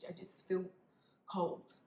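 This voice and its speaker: A young woman tells a painful personal story to camera, halting and emotional, with many fillers and quiet, whispered moments. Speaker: vlogger. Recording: echoey room with faint background noise.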